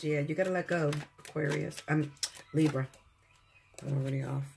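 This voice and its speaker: A man's voice: on the high side, fairly even intonation, moderate pace, gravelly, pauses often, background noise. A man giving a casual tarot reading to his viewers, blunt and profane, lecturing them. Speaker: tarot reader.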